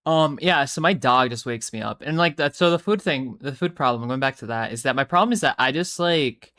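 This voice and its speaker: Worn out, a young streamer chats with a live audience while reading chat, speaking briskly in a fairly bright, middle-pitched voice. The talk wanders, is full of swearing, and often stops mid-sentence to begin again.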